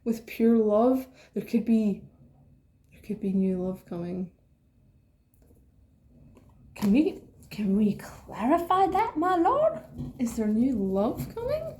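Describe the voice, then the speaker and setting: A woman giving an excitable, rambling tarot reading, swearing freely and breaking into asides. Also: on the high side, takes it slowly, pauses often. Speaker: tarot reader. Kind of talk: casual tarot reading to camera.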